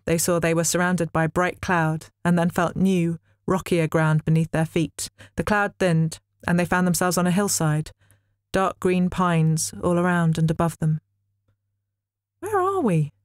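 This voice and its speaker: A woman's voice: lowish voice, flat delivery, normal speed, clean tone, no echo. A woman author reading her own novel aloud in a studio, with wry storytelling. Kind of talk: dramatic book reading. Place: recording studio.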